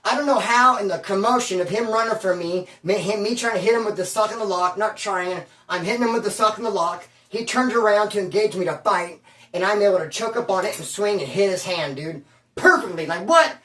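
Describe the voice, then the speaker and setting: A man from Bakersfield telling prison stories at home, animated and slangy, calling the listener bro and dude. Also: sits high, fairly quick, far from the mic. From Bakersfield, California. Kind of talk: casual storytelling. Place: at home, indoors. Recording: roomy room, from off mic.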